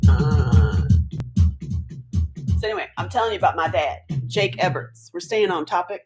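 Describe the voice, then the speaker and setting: A woman's voice: fairly low pitch, animated, normal speed, loud music behind the voice. A woman chatting on a casual livestream, laughing often, greeting viewers by name and jumping from topic to topic. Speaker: livestream host.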